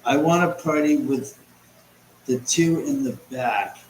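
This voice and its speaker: A man's voice: medium pitch, slow. Guy doing a livestream from home, rambly and chatty, reading the chat, echoey room w faint hiss. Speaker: host. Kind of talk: live-stream chat, reading viewer comments. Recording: roomy echo, faint background noise.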